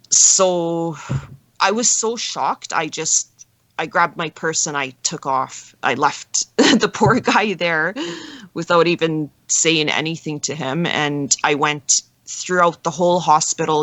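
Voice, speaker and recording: A woman being interviewed as a guest, telling a personal story in an earnest, halting way with frequent restarts. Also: sits low, a bit bright, no echo.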